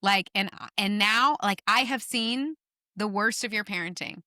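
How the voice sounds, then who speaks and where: A middle-aged woman guest on a podcast, telling stories in an animated, emphatic way and swearing casually. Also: medium pitch, unhurried, no echo, clean studio sound. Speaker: guest author. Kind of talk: podcast conversation.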